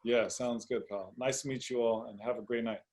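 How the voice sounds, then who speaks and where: A relaxed man talks easily in a mid-range voice, chuckling as he goes. He comes through a video call. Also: medium pitch, fairly quick. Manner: relaxed, easygoing, laughs often. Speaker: actor, interview guest. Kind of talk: casual video-call interview.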